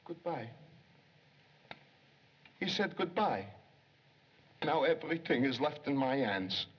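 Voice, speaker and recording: An actor playing an excitable young male police secretary who longs to be a detective, in 1930s film acting, jumpy and pleading. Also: fairly high pitch, takes it slowly, husky, full character voice. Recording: dull 1930s film soundtrack.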